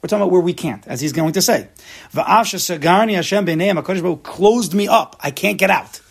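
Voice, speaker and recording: Gravelly, emphatic male Torah teacher. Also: sits high, quick pace. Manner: emphatic, mixes Hebrew terms into English. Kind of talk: lecture to a class.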